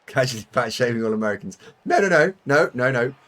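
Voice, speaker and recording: A man's voice: medium pitch, lively intonation, fast, fairly bright tone. British streamer guy chatting to chat, chatty and self-mocking, voice jumps around a lot. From United Kingdom. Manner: chatty, rambling, self-mocking with frequent laughs. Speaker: game streamer. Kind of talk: live-stream chat while gaming.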